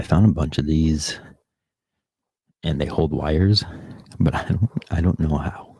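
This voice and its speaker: A man's voice: a bass voice, fairly even intonation, measured pace, gravelly, long pauses, mellow, slightly rough, no echo. A podcast host on a casual live stream, rambling and swearing as he talks back to the chat comments.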